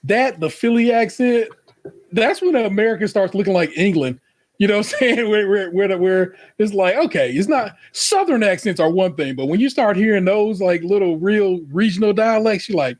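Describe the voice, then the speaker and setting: A man's voice: sits high, normal speed. A man co-hosting a podcast in loose, profane casual chat, telling stories and putting on voices for quotes. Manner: loose, profane, animated storytelling with put-on quotes. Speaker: podcast co-host.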